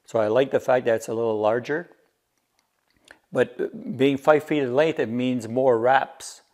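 A man's voice: medium pitch, fairly even intonation, unhurried, darkish tone. A man casually showing and explaining his homemade workshop gadget, walking through the technical details step by step. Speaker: DIY maker. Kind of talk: casual workshop show-and-tell.

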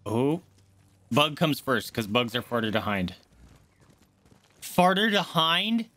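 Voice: mid-range voice, measured pace, fairly bright tone, no echo. A game streamer chatting casually on a live stream, often cooing baby talk at a pet dog between gameplay remarks.

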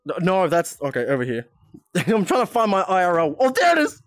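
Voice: mid-range voice, wildly swooping pitch, brisk, dry recording, clean studio sound, faint music behind. A streamer chatting casually during a VR game, giggling a lot and swearing often, speaking into a headset mic. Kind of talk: casual live-stream chat while playing a VR game.

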